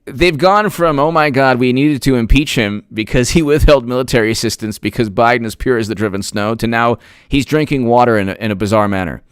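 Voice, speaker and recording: A man giving solo political commentary, excitable and sarcastic, talking straight to the viewers and laughing at his own jokes. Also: mid-range voice, a little fast, clean tone, no echo, studio quality.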